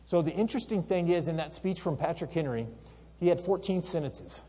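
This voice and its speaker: A man teaches history in an energetic storytelling way and keeps asking his listeners questions. His voice is mellow and a little husky. A long reverb hangs around it, as in a big hall. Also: a little high, a little fast. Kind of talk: history lecture.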